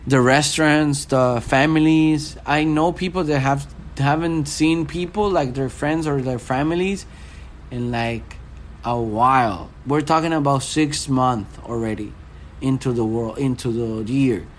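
A man's voice: medium pitch, unhurried, a little hiss or hum. A young man in a casual chat, rambling and searching for words as he talks.

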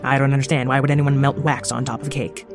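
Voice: mid-range voice, level tone, fast talker, over music, lightly acted. Weary fussing storybook mom, voiced by the narrator. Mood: fussy. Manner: fussing, doting. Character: tired, fussy middle-aged mother.

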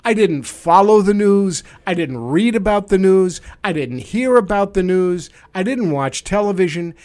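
A man's voice: high-pitched, lively intonation, measured pace, darkish tone. A man hosting a talk radio show, telling stories in a casual, sarcastic, joking way. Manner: sarcastic, jokey storytelling.

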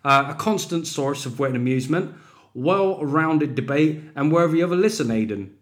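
A man putting on a broad West Country accent as a young man, reading slowly and drawling. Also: fairly high pitch, expressive, natural voice. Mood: earnest. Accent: West Country (put on).

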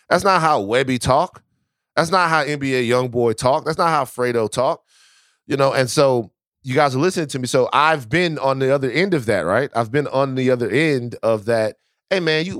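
A man's voice: medium pitch, fairly bright tone, no room sound, studio quality. A man from Baton Rouge co-hosting a podcast, telling stories in a loose, profane, casual way with lots of restarts. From Baton Rouge, Louisiana. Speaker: podcast co-host.

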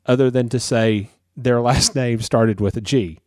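A man co-hosting a podcast, bantering in a lively, jokey way. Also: mid-range voice, unhurried, dry recording, clean studio sound. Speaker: podcast co-host. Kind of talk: casual chat.

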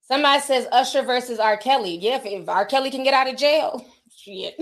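A woman with a high voice speaks briskly while hosting a casual livestream, reading out super chats from viewers. She chats candidly, laughs often, and tosses in slangy asides.

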